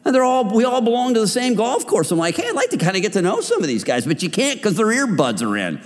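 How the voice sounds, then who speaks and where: A man's voice: sits high, wildly swooping pitch, fast talker, long reverb tail. A man giving a conversational sermon to a group of men, joking and acting out the voices in people's heads. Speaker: men's ministry speaker.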